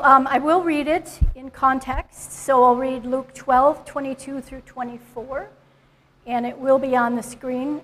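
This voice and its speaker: A woman in church reading a Bible passage aloud slowly and deliberately. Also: high-pitched, fairly bright tone, low-quality recording. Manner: slow and deliberate. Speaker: Scripture reader in church.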